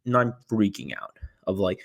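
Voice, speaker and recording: A young guest who won the tournament recounts his run in a casual, filler-heavy interview, growing animated over his panicky moments. His pitch is fairly low and gravelly, and he talks at a normal speed.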